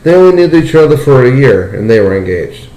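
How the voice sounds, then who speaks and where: A young man hosting a casual podcast chat, telling a story with lots of "like" and "dude" and jumping up in pitch when he gets excited. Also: fairly quick. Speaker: podcast host. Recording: roomy echo.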